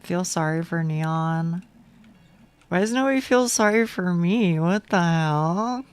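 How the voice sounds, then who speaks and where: A woman's voice: fairly low pitch, takes it slowly, clear, resonant tone, no echo. A young woman streaming a game from home on a close mic, chatting casually with chat, self-deprecating, stammering and swearing.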